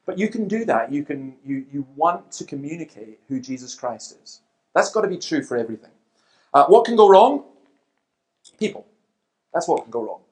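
Middle-aged man, Christian speaker, lively anecdotal talk to a church crowd. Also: a little high, moderate pace. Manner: lively storytelling with quoted exchanges and asides.

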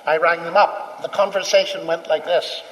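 A man telling a personal story to an audience, acting out the dialogue with animated delivery. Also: fairly high pitch, normal speed. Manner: animated, acts out dialogue, chuckles. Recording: long hall reverb.

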